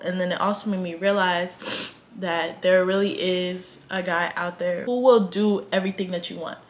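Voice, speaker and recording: Slight background noise accompanies a mid-range female voice. She's a twenty-year-old Southern-accented vlogger from Atlanta, Georgia, chatting to the camera with plenty of drama and slang.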